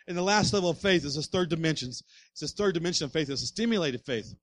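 A man's voice: fairly high pitch, animated, fast, a bit bright. A man, a pastor, preaching a sermon with rising fervor and repeated refrains.

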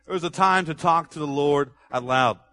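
Bright-voiced male preacher. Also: a little high, normal speed. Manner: conversational, emphatic preaching. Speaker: pastor. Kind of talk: sermon.

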